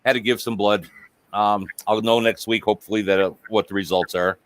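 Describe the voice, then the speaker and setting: A man's voice: fairly low pitch, fairly even intonation, brisk, no room sound. A man hosting a casual live-stream chat, joking crudely and swearing freely. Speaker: host.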